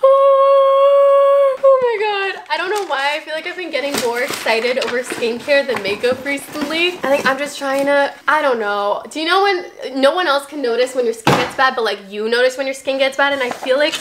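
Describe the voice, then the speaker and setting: A young woman vlogger chatting casually while unboxing a haul, gushing and excitable with frequent squeals and gasps. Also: high voice, a little fast, hardly any pauses, very noisy.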